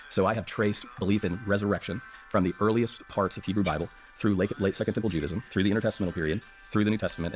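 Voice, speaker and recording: An American man, a scholar guest in an interview, explaining and telling stories with eager enthusiasm. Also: deep voice. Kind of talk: enthusiastic lecturing interview talk.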